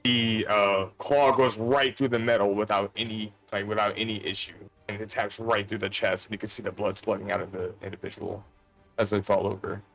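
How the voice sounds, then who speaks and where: A man's voice: on the low side, flat delivery, vocal fry, fairly bright tone, faint music behind. Man narrating as game master. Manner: casual, halting narration with fillers.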